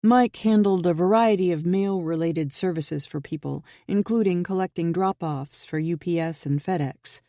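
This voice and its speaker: Gravelly, mellow audiobook narrator. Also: mid-range voice, moderate pace, few pauses, no echo, clean studio sound.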